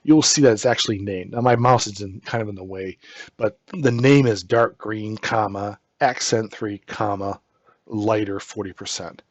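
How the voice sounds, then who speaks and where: A low-voiced, husky man walks through a screen-recorded software tutorial as an instructor. He is relaxed and thinks aloud step by step, with plenty of ums. The recording is slightly muffled and dry, close to the mic. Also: moderate pace, no room sound.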